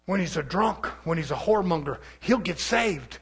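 A man preaching a fervent sermon, swinging from loud, rising shouts to low, quiet stretches. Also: brisk, few pauses, husky.

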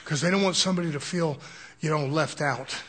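A man's voice: fairly high pitch, a little fast, a bit bright, breathy edge. An older man preaching a sermon in a folksy, chuckling way, often asking the congregation "Amen?".

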